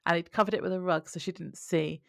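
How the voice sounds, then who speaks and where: A woman co-hosting a podcast, recapping an episode in a relaxed way and laughing often. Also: on the low side, fast, creaky, no echo, clean studio sound. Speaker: podcast co-host. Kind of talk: casual recap chat.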